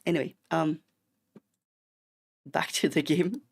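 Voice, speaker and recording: A man's voice: a little high, steady tone, takes it slowly, creaky, breathy edge. A Swedish-accented man from Sweden, a streamer chatting casually and playfully while he plays a game, given to rambling asides and mock-indignant outbursts. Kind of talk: casual chat while gaming.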